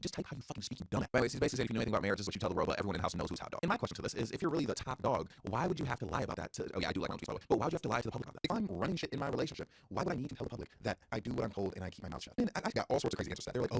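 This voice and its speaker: A young man streams a heated, casual rant to his chat, speaking at a rapid clip. His pitch swings widely and jumps up when he gets worked up. His voice has a gravelly edge to it. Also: dry recording.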